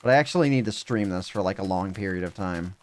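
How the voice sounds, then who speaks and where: A man's voice: low-pitched, fast talker. A young adult man streaming a game live, thinking aloud in a rambling way with self-mocking asides.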